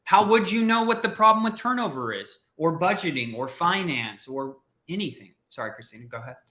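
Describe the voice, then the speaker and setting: A man with a bright, forceful, fairly high voice coaches listeners on a career podcast. He drives his points home with rhetorical questions, and the room around him sounds echoey. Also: lively intonation, fairly quick. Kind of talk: energetic coaching talk.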